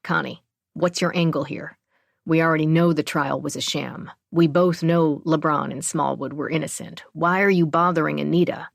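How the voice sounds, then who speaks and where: A woman's voice: sits low, fairly even intonation, moderate pace, gravelly, no echo, clean studio sound. A woman voicing a blunt, matter-of-fact middle-aged man in an audiobook. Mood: challenging. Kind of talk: audiobook character voice.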